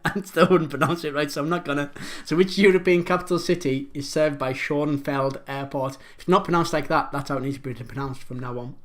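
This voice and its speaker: A man's voice: fairly high pitch, steady tone, fast talker, hardly any pauses, fairly bright tone. A man hosting a pub quiz live from home, chatty and rambling, joking about his own pronunciation as he reads out the questions.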